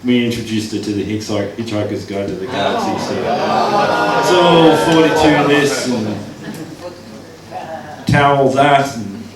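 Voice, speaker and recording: A man's voice: medium pitch, expressive, a little slow, pauses often, a loud crowd. Man reading poetry in an echoey venue. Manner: wry asides between poems, dry humour. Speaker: performance poet. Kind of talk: spoken word poetry reading at open mic. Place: live poetry venue, indoors. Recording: distant mic in a noisy echoey venue.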